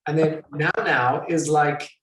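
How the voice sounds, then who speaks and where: A man hosting an interview in a relaxed way, answering with short affirmations. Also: on the high side, a little slow. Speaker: host, interviewer. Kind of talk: casual interview. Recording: roomy echoey sound.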